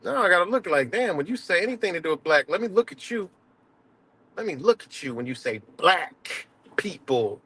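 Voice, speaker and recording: A man with a slightly high voice delivers a profane, confrontational rant on a live stream. He circles back to the same points over and over, cursing as he builds his case. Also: very animated, moderate pace, sharp tone, slightly rough.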